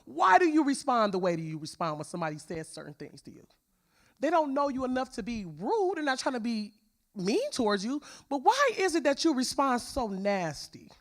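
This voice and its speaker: A woman shares her personal testimony at a church women's conference. Her pitch swings widely as she speaks, and her delivery is emphatic and expressive. Her speech is casual and plainspoken, delivered to a crowd of women. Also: fairly quick.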